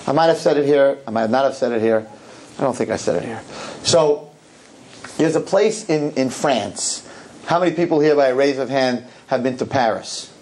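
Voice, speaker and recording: A man giving a humorous, animated talk to a live audience, full of rapid asides and repeated words. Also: mid-range voice, slight background noise. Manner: animated, joking, rapid-fire asides and repetitions. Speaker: rabbi giving a public talk.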